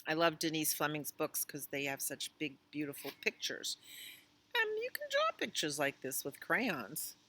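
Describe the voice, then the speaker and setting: A woman librarian reading a picture book aloud to young children, doing animal sounds in an animated way. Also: deep voice, measured pace, slight background noise. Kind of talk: storytime read-aloud. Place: library storytime.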